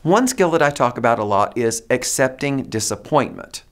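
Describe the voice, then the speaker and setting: A man giving a presentation to teachers, animated and demonstrative, coaxing the audience to repeat phrases. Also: medium pitch, moderate pace. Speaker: teacher trainer.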